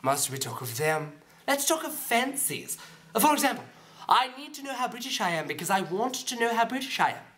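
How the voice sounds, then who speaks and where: A man's voice: very high-pitched, sing-song, brisk, fairly bright tone, heavily acted. A man playing a vain, pompous male spy chief in an amateur comedy sketch, with a put-on posh British manner. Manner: pompous, fussy, put-on British upper-class voice.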